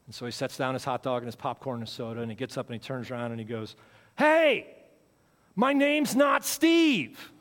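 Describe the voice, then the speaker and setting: A pastor giving a sermon in a church. He talks in a conversational way, repeats his phrases for emphasis, and swings between loud and quiet. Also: mid-range voice, little pitch movement, rapid-fire, hardly any pauses. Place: church sanctuary. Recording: long hall reverb.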